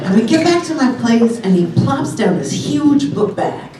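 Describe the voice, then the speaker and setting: A woman from Long Island doing a raunchy stand-up set, telling brash, animated stories with big jumps in pitch. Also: normal speed, a crowd in the background, noisy background. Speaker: stand-up comedian. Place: comedy club stage. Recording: roomy club sound from a distance, loud audience. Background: audience laughter.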